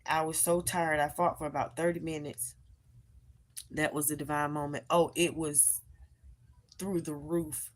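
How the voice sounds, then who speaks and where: A woman with a low, deep voice talks to her live-stream viewers from home. She tells her story in an emphatic, animated way and calls her audience y'all. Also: a little slow, long pauses. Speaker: live-streamer and tarot reader.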